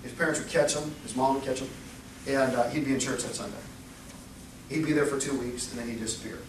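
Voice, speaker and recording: A young adult man preaching a sermon, telling Bible stories in a lively way and acting out the people he quotes. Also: mid-range voice, fast, background noise. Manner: animated storytelling, acts out quoted voices. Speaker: pastor. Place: church sanctuary. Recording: echoey church recorded from far off.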